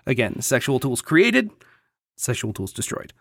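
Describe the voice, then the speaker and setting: Podcast host, mid pitch, dry close mic, casual and wry, reads notes with asides. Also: sing-song, measured pace, fairly bright tone, dry recording. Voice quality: joking, stumbles over hard names. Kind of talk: casual chat, reading history notes.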